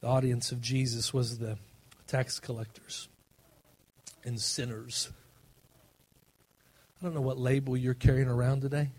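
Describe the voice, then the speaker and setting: A male pastor preaching a sermon, emphatic and swinging between loud passages and soft, low ones. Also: little pitch movement, unhurried, pauses often.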